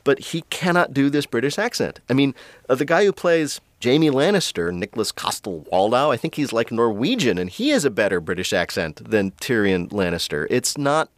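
A man's voice: medium pitch, normal speed, no room sound. A man co-hosting a casual podcast chat, talking animatedly and laughing often. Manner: animated, laughing, mimics others. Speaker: podcast co-host.

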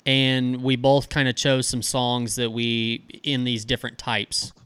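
Smooth-voiced man, laughing podcast chat. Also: medium pitch, a little slow, dry recording. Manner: laughs often, relaxed and chatty. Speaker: podcast co-host.

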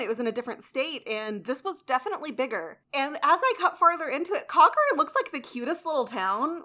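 A woman co-hosting a podcast in casual chat, chatty and animated, quick to laugh. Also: fairly high pitch. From American South. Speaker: podcast co-host.

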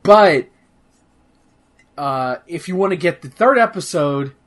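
A man's voice: a little high, lively intonation, slow. A man in casual chat, talking about a video game in a rambling way with many fillers and restarts, swearing now and then. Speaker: podcast host reviewing a video game.

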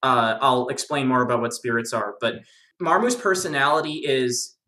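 Rambling enthusiastic podcast guest, bright tone. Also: mid-range voice, normal speed, reverberant. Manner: rambling, enthusiastic, many fillers. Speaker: podcast guest explaining game lore. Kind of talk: casual podcast chat.

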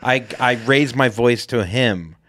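A man who does stand-up, co-hosting a podcast and telling stories in a joking, animated way. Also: medium pitch, a little slow, dry recording, clean studio sound. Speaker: podcast co-host, stand-up comic. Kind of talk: casual chat.

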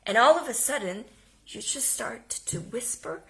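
A woman giving an energetic homeschooling lesson, speaking emphatically and now and then dropping to a whisper. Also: fairly high pitch, unhurried. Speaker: homeschooling teacher. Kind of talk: instructional talk.

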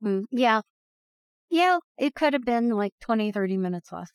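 A woman co-hosting a podcast from a car, mostly giving short, low-key replies and agreement. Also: expressive, moderate pace, dry recording, studio quality. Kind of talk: casual chat.

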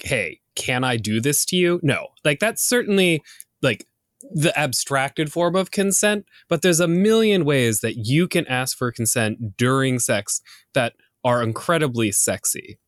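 A man's voice: a little high, animated, moderate pace, no echo, clean studio sound. Playful nerdy man co-hosting a podcast. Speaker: podcast co-host. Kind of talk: casual educational chat.

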